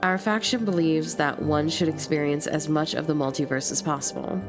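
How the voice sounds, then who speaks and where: A woman with a slight lisp voicing a composed, courteous female succubus brothel keeper, reading game dialogue aloud in calm, polite, formal speech. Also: sits low, moderate pace, lightly acted. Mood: poised. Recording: stream with clear music behind.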